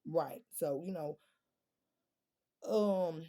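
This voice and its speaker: A woman's voice: low voice, drawn-out words, warm tone. A woman, talking straight to her viewers in a casual monologue, blunt and profane, firing off rhetorical questions. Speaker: vlogger.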